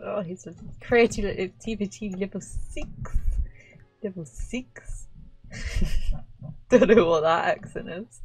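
A woman's voice: lowish voice, a little mellow, slightly rough, poor audio. A woman giving casual let's-play commentary. She chats to her game characters as she plays and laughs often. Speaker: gaming channel host.

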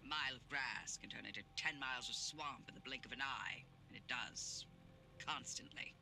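An actor voicing a calm adult male guide in a video game, giving matter-of-fact instructions over music. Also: mid-range voice, normal speed, gravelly. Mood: instructive.

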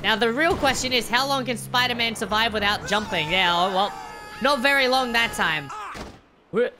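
A woman's voice: fairly high pitch, moderate pace, background noise. A woman giving playful, jokey reaction commentary as a video host, full of exclamations.

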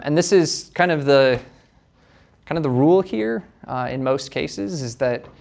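A man's voice: mid-range voice, creaky. Casual young male lecturer, lots of "right?". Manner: conversational, hedging, tag questions. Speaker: university lecturer.

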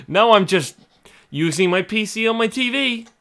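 A man's voice: high-pitched, lively intonation, unhurried, bright, forceful tone. A young British man doing a sarcastic, swearing tech review vlog at home. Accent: British English. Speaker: YouTuber. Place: home, in front of a TV.

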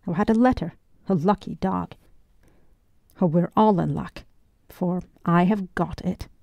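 A woman's voice: on the low side, unhurried, vocal fry, dry recording, lo-fi sound. A woman voicing a jaunty, sly older man.

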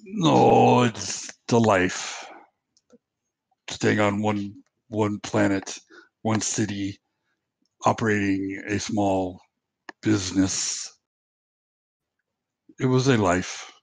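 Slow, gravelly-voiced man at a game table. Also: fairly low pitch, steady tone, no echo. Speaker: player. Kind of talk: tabletop role-play, in-character talk.

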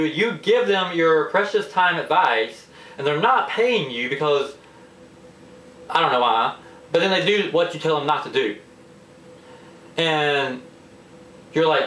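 A man with a slightly high voice, talking in a casual, exasperated rant straight to the camera. He sounds a little away from the mic, and the room around him is echoey. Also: unhurried, long pauses, far from the mic. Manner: exasperated, animated complaining. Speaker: vlogger. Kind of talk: casual ranting monologue. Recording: roomy echo, a bit off-mic.

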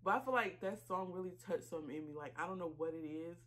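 A woman reaction vlogger, talking casually while choked up and tearful, halting with many fillers and apologies. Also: lowish voice. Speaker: YouTube reaction channel host. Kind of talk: casual reaction vlog talk.

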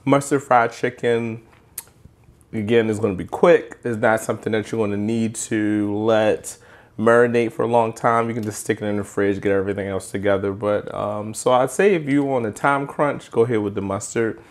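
Holding a handheld microphone, a cooking channel host tastes dishes in his home kitchen and talks eagerly and casually right to his viewers. His voice is on the low side, with fairly even intonation and normal speed.

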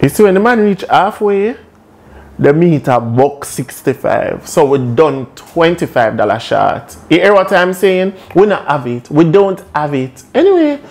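A young man with a Jamaican accent tells a funny story from his own life in lively patois. He is animated and quick to laugh, acting out every turn of the story. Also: fairly high pitch. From Caribbean. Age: young adult. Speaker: vlogger. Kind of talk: comic storytime.

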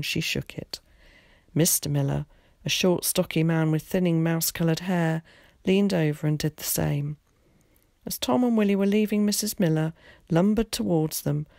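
A woman teacher reading a children's novel aloud in a calm, measured way. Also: sits low, gravelly, no echo, clean studio sound. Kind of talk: storybook read-aloud.

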